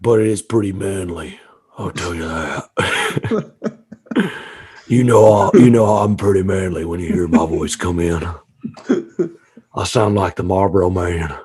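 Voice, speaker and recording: A man with a deep gravelly voice, co-hosting a casual comedy podcast, swearing freely and riffing with laughs. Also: measured pace, long pauses, darkish tone. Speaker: podcast co-host.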